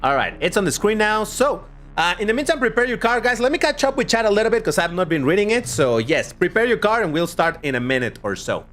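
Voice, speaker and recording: A man's voice: high-pitched, big pitch swings, fast, hardly any pauses, a bit bright, a little hiss or hum. A man hosting a casual gaming live stream, chatting in a rambling way and answering his viewers' chat aloud as he plays. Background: faint background music.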